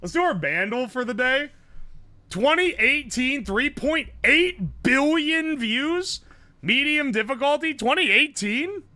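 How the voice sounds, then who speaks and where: A man's voice: very high-pitched, animated, takes it slowly, pushed and bright, no room sound. A man streaming live and chatting casually, rambling, swearing often, laughing a lot and humming tunes.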